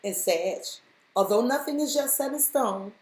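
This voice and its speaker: A woman's voice: on the high side, animated, moderate pace, a little mellow. A woman giving a spiritual tarot reading, speaking straight to the listener and repeating her points with emphasis. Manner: repetitive, emphatic, addresses listener directly. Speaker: tarot reader. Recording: roomy echo.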